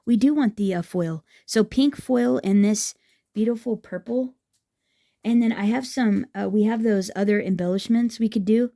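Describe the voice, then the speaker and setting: A woman's voice: medium pitch, normal speed, gravelly, dark tone. A woman chatting casually through a craft tutorial, enthusiastic and thinking aloud as she works. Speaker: craft vlogger.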